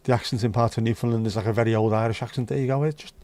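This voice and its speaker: A man's voice: medium pitch, fairly even intonation, very fast, a little mellow, no echo. A man from North West England, hosting a livestream and chatting bluntly with his viewers. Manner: blunt, chatty, swears casually. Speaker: livestream host. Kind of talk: casual chat with live chat.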